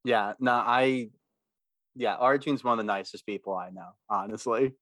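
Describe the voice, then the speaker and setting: A relaxed man chatting as a podcast co-host, his voice sitting in a middle register. He laughs easily and talks in an easygoing way. The sound is dry and close. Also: medium pitch, normal speed, no room sound. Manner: laid-back, laughs easily. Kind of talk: casual chat.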